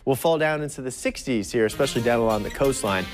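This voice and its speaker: A man's voice: medium pitch, fast talker, faint music behind. A man presenting a live TV weather forecast in an upbeat, conversational way, stretching words for emphasis. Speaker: TV meteorologist.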